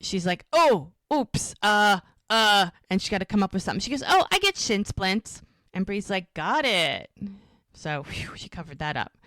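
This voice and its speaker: A woman co-hosting a TV rewatch podcast, retelling scenes in a lively, chatty way and acting out the characters' lines. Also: medium pitch, moderate pace, no echo. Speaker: podcast co-host. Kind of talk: casual rewatch podcast recap.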